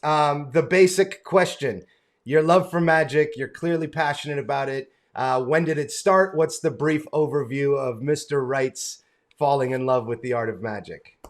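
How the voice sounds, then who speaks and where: Enthusiastic American host, slightly high voice. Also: male voice, moderate pace. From United States. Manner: enthusiastic, friendly, calls the guest brother and man. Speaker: interview host. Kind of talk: casual video-call interview.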